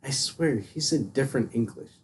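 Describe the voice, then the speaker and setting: A man's voice: medium pitch, expressive, fairly quick, a little mellow. A man with a Midwestern American accent, chatting casually as a streamer in a rambling way. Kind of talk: casual chat.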